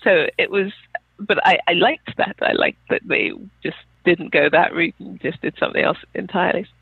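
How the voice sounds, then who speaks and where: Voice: medium pitch, normal speed, gravelly, slightly rough, no echo. A podcast co-host chatting casually about a book, wry and laughing often. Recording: thin phone-like call audio.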